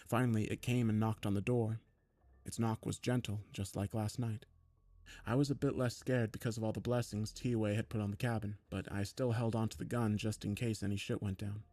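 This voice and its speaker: Steady and understated, a man with a fairly low voice narrates a horror story in the first person. The recording is dry and close-miked, with essentially no room sound.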